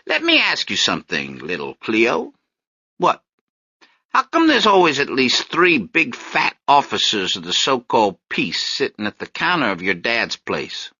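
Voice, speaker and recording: A man's voice: medium pitch, huge pitch swings, unhurried, bright, forceful tone, husky, no echo, highs cut off, full character voice. A male audiobook narrator voicing a wry young man who is a law student and street-corner activist, teasing and lecturing in an emphatic way.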